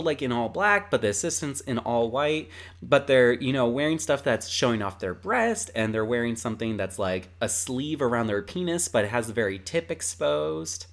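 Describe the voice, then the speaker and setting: A man with a mid-range voice talks through a story in a casual podcast chat. He rambles a little and peppers his sentences with filler words. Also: medium pitch. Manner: chatty, with frequent fillers. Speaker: podcast co-host.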